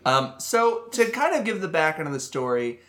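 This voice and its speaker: A man's voice: on the high side, very animated, moderate pace, fairly bright tone. A man co-hosting a casual podcast, laying out a historical story at length with fillers and easy laughs. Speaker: podcast co-host presenting the episode's topic.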